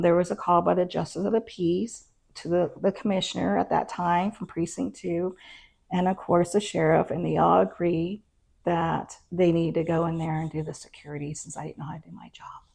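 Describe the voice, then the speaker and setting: In an interview, a woman who serves as a county constable tells her own story, animatedly acting out the quoted exchanges and using frequent fillers like "you know" and "um." Her voice is lowish, with vocal fry.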